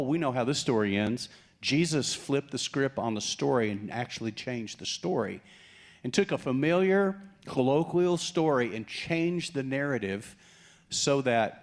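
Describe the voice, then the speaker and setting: Middle-aged man, pastor, lively sermon delivery, acts out quotes, ordinary-pitched voice.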